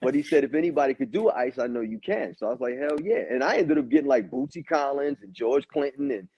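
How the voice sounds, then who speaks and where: Laid-back male guest, gravelly voice, dull lo-fi sound. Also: medium pitch, quick pace, no room sound. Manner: laid-back, swears, quotes people in lively voices. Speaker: guest musician. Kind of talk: casual storytelling interview. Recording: dull lo-fi audio.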